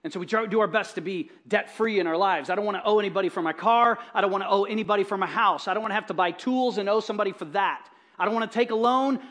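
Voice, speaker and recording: High-voiced energetic male preacher. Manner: energetic, emphatic, swings between loud bursts and soft asides. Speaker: pastor. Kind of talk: sermon.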